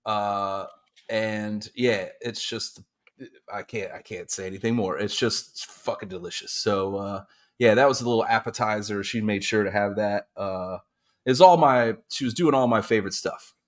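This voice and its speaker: A man, co-hosting a casual podcast and talking in a relaxed, easygoing way. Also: fairly low pitch, moderate pace. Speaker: podcast co-host. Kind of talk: casual chat.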